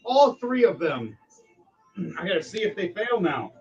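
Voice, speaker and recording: A man narrating as game master for a tabletop game, dramatic and animated. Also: high-pitched, measured pace, dull audio.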